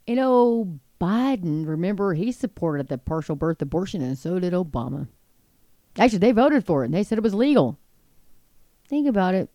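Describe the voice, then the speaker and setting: A woman's voice: fairly low pitch, animated, moderate pace, mellow, dry recording. A middle-aged woman giving impassioned Christian commentary on the news, reading quotes aloud and breaking in with indignant asides.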